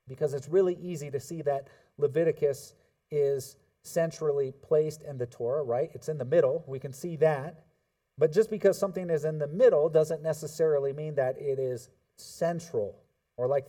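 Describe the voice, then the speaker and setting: A man's voice: fairly high pitch, warm tone, recorded from a distance. A man preaching a casual, conversational sermon as a pastor, explaining scripture to his congregation. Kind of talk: sermon teaching.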